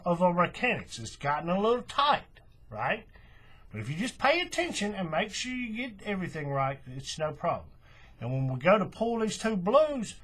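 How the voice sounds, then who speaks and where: A man explaining a craft step by step in a relaxed, folksy way. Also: sits high, a little hiss or hum. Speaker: craft tutorial host. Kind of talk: hands-on tutorial walkthrough.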